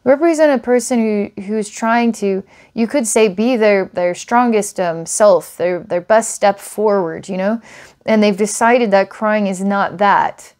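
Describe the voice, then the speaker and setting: Woman psychic, mid-pitched voice, earnest and rambling, halting restarts, reading for a client. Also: darkish tone. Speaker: psychic reader.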